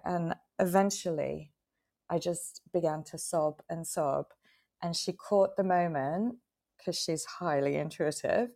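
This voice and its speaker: A woman's voice: lowish voice, unhurried, darkish tone. A woman co-hosting a live chat, telling a personal story in an earnest, heartfelt way. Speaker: co-host, retreat facilitator. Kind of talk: casual live-stream chat.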